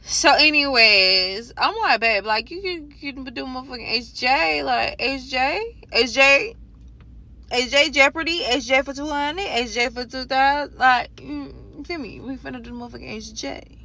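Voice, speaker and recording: High, bright-voiced woman telling a profane story. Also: normal speed. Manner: profane, animated, dramatic storytelling. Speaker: storyteller vlogger. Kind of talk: casual storytime rant. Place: parked car in a parking garage.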